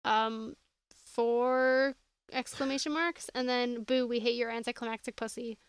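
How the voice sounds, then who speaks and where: A woman's voice: on the high side, fairly even intonation, a little slow, clean tone, no echo. A woman co-hosting a casual show recap, exasperated and sarcastic, recounting scenes from her notes. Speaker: podcast co-host.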